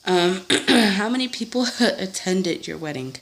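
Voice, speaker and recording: A woman's voice: lowish voice, very animated, measured pace, gravelly, fairly bright tone. A young woman at home, chatting casually through a tag video, full of fillers and little laughs, acting out what people said. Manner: chatty, lots of fillers and laughs, acts out quotes. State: sick. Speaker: vlogger.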